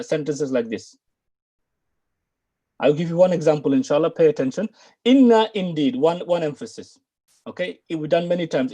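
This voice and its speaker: A man's voice: high voice, a little mellow. A British man teaching an online lesson, stressing key words and repeating phrases for learners to follow. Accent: British English. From United Kingdom. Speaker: Arabic and Quran teacher.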